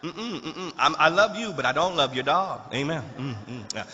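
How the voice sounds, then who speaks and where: A male pastor with a strikingly bright, sharp voice and a high, swooping pitch that leaps all over the place. He preaches with stammered repeats and a rhythmic, impassioned cadence. His voice rings through a large church hall with a long echo. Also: animated, moderate pace, muffled recording, a little hiss or hum. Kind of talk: sermon.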